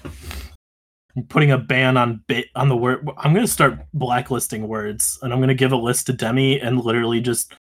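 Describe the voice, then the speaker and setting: A man co-hosting a podcast in casual chat, animated, swearing and laughing often. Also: medium pitch, normal speed, breathy edge. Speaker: podcast co-host.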